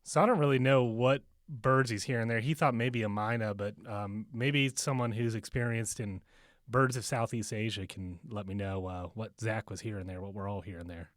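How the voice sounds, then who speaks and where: A man's voice: on the low side, steady tone, normal speed, no echo, studio quality. A man hosting a podcast in a chatty, casual way, laughing at his own jokes and using many fillers, recorded in a bookstore. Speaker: podcast host.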